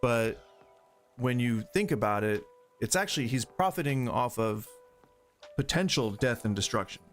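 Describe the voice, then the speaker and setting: With soft music in the background, the gaming streamer chats at a normal speed in an animated, medium-pitched voice carrying a light Southern US twang. He's on a live stream, rambling wryly into a desk microphone.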